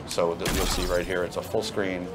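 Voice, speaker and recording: A man explaining game mechanics in a casual stream chat, trailing off quietly at times. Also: deep voice, flat delivery, brisk, music in the background. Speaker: game developer.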